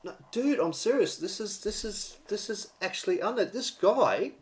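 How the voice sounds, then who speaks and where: Aussie bloke hosting a chatty radio show, jokey, reads stories out loud. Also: male voice, high voice, lively intonation, normal speed. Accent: Australian. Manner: chatty, jokey, reads news items aloud. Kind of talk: casual chat radio show.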